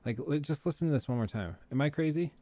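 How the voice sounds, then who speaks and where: A man's voice: fairly high pitch, lively intonation, fast talker, mellow. A young adult man hosting a live stream, reacting casually and rambling, thinking aloud with hedges and chuckles. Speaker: streamer, host.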